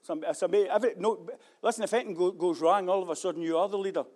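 A preacher with a notably high voice delivers a sermon. He swings between loud, fervent declarations and quieter, reflective passages, and he repeats his key phrases for emphasis. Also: racing. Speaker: pastor.

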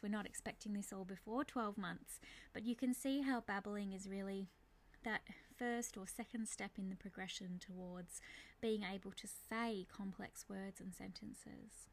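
A woman calmly explaining baby speech development, reassuring parents and demonstrating babbling sounds. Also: on the high side. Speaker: speech therapy educator. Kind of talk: explanatory teaching monologue.

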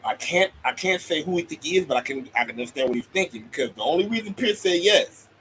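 A man's voice: fairly high pitch, animated, fast talker, a bit bright, slight background noise, low-quality recording. A man co-hosting a casual wrestling chat, joking around and stumbling over repeated words. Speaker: podcast co-host.

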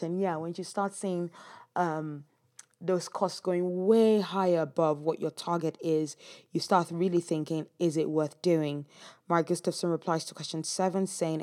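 Chatty woman host, lowish voice. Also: warm tone. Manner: chatty with frequent ums and small laughs. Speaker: podcast host recapping a chat. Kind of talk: casual recap reading out quotes.

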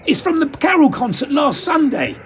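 A man voicing a flustered male deputy stage manager who shouts back in a harried manner. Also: very high voice, big pitch swings, normal speed, slight background noise, pitched above the performer's own voice, heavily acted.

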